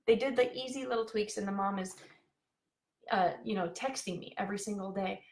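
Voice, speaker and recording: A woman's voice: medium pitch, a little fast, darkish tone. A woman life coach talking live to her viewers in a bubbly, chatty way, with many fillers. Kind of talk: live-streamed coaching talk.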